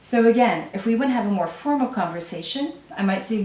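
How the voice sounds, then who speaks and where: A woman's voice: medium pitch, animated, a little mellow, recorded from a distance. Woman teaching, echoey and off-mic. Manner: explains step by step, repeats example phrases slowly. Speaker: French teacher. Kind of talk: classroom language lesson. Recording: echoey room, voice away from mic.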